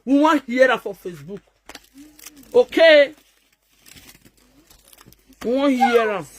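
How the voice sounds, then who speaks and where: A woman's voice: a little high, expressive, slow pace. A woman from Nigeria with a Nigerian Pidgin English accent, a social media vlogger delivering a mocking, scolding rant to her viewers.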